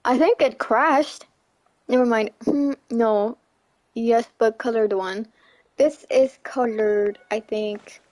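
A young woman chatting casually through a gameplay livestream, giggly and chatty, squealing when something excites her. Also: fairly high pitch, slow pace. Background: faint game music.

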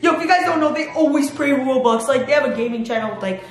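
A young woman vlogging to her viewers, excitable and laughing as she reads text messages aloud. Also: high voice, fast talker. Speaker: youtuber. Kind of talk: reading texts aloud to camera. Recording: echoey room with music behind.

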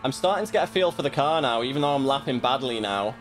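A man talks through his sim race in a casual, muttering way, often picking at his own mistakes. His voice sits at an ordinary pitch. Faint music plays underneath. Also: lively intonation, quick pace. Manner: self-critical, muttering asides. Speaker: sim racing streamer. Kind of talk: casual commentary while racing.

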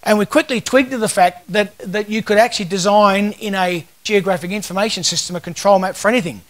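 A man's voice: high voice, a little fast, a bit bright. A man in his fifties with an Australian accent, giving a casual, joking conference talk full of stories. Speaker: conference speaker.

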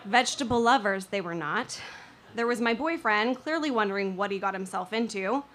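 A woman's voice: mid-range voice, expressive, normal speed, a bit bright. A young woman telling a personal story on stage, with wry, self-mocking humor.

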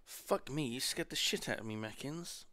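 A man chatting casually and swearing now and then while he plays a game on stream, turning soft and cooing when he talks to his cat. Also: mid-range voice, moderate pace, a little hiss or hum. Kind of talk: casual gameplay commentary.

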